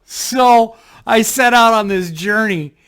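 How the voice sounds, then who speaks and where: A man casually telling a rambling personal story to camera, animated, with restarts and blunt swearing. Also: sits high, slow, clear, resonant tone.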